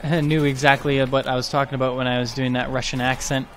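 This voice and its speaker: A man's voice: medium pitch, flat delivery, brisk, few pauses, a little hiss or hum. Chatty man narrating his gameplay. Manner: chatty, thinking aloud. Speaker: gaming YouTuber. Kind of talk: let's play commentary.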